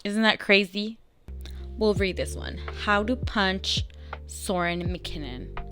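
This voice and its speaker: A young woman casually reading and recapping a story aloud, chatty, and acting out the lines of dialogue in animated bursts. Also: mid-range voice, takes it slowly, soft background music. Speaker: vlogger reading fanfiction aloud.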